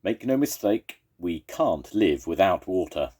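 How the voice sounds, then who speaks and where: A man's voice: low-pitched, sing-song, unhurried, darkish tone, slightly rough, pitched above the performer's own voice, heavily acted. A man voicing a serious, decisive male fox who takes charge in a crisis in a storybook reading. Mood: urgent. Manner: firm and urgent.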